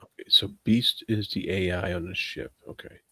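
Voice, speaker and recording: A man's voice: low voice, fairly even intonation, moderate pace, sharp tone, no echo. A man taking part in a casual book club discussion, rambling and hesitant, with many fillers, and laughing at himself.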